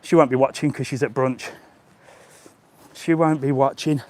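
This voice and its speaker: A middle-aged travel vlogger chats and jokes his way through resort grounds on an outdoor walking live stream, chuckling frequently into a handheld gimbal camera. He speaks in a mid-range, darkish voice with a steady tone and moderate pace.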